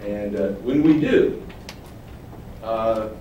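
A man preaching a sermon, animated, acting out quoted lines with sudden rises. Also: lowish voice, extremely slow, highs cut off. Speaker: pastor. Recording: very echoey room, distant mic, faint noise.

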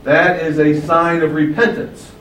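A man's voice: a little high, little pitch movement, measured pace, a bit bright, slight background noise. A man preaching a sermon, stressing key phrases and rising on them. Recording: roomy echo from far off, faint ambience.

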